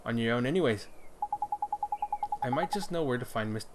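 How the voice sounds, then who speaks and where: A man's voice: mid-range voice, animated, moderate pace, very noisy, close to an everyday voice. A man doing a brash, cheeky fairy sidekick. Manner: brash and bossy, British slang. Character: cheeky loud fairy sidekick, grown male. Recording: loud game music behind.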